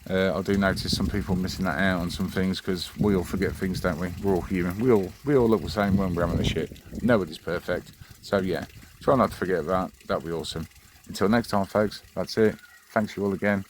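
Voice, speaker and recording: A man's voice: sits low, brisk, background noise. A man hosting his own channel, chatting in a rambling, friendly way. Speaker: channel host. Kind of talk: casual vlog address.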